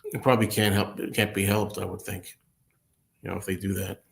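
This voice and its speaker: A man's voice: sits low, little pitch movement, a little fast, gravelly. A man hosting a casual solo livestream. He answers viewer comments indoors at a table with a laptop, rambling, thinking aloud and laughing often. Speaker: host.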